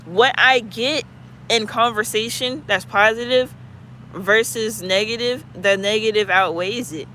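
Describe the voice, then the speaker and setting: A man's voice: sits high, a little slow, pushed and bright, slight background noise. A man hosting his own channel, talking in a loose, musing way with lots of "like" fillers. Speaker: channel host. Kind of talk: casual reflective chat.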